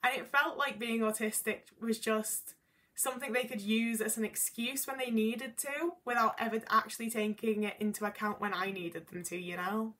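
Bright-voiced young woman vlogging candidly. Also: a little high, steady tone, normal speed. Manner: candid, rambling, frequent "like" fillers. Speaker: YouTuber. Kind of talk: casual vlog talk to camera.

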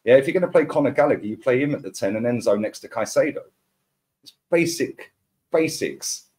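A man's voice: medium pitch, animated, a little fast, darkish tone. A man, ranting as a football podcast pundit in heated casual chat, full of slang and repeated words.

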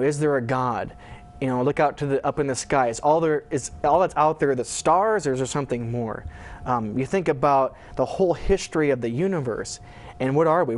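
Earnest man explaining like a lecturer. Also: medium pitch. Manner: earnest, lecturing, with frequent fillers. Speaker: philosophy professor, guest. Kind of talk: explanatory interview answers.

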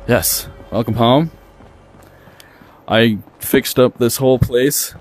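Playing a video game, a young adult male streamer keeps up casual, joking commentary and reacts aloud. He speaks slowly in a mid-range voice, chatty throughout.

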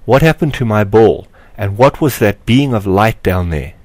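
A man's voice: lowish voice, lively intonation, normal speed, a little mellow, no echo. A man reading aloud, voicing an angry, bitter schoolboy necromancer who raises his voice in indignation. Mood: indignant. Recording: dry close recording.

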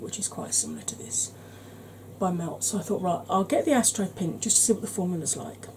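Lady rambling on about her makeup, relaxed voice, goes quiet and whispery now and then. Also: fairly low pitch, slight background noise, rough recording. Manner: rambling, conversational, drops to soft whispers at times. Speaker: beauty channel host. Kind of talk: chatty makeup tutorial.

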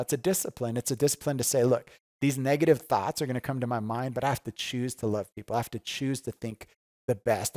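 A pastor giving a conversational, earnest sermon, often asking "right?" and repeating key phrases for emphasis. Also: male voice, mid-range voice, no room sound, studio quality.

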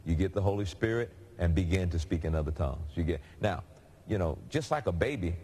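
A man's voice: low voice, brisk, breathy edge. A man preaching a sermon in a conversational, storytelling way. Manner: conversational, animated storytelling with laughs.

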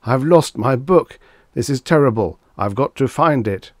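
A man's voice: medium pitch, animated, a little slow, no echo, clean studio sound, voice pushed up. A man playing a panicky, wailing Death. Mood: panicked. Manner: anxious, wailing complaints. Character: flustered drunk male Death personified.

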